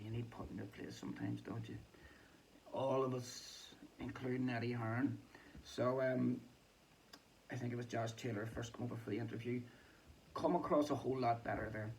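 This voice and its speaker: A man's voice: mid-range voice, darkish tone, slight background noise, poor audio. A Northern Irish man giving a casual, sweary and rambling boxing reaction with a mocking tone. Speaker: boxing commentator. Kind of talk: casual chat.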